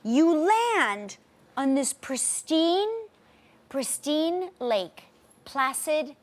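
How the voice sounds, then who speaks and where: A middle-aged woman with a high voice that leaps up and down as she tells a story. She chats casually as a talk show co-host and acts out every quote. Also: sing-song, extremely slow. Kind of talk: casual chat.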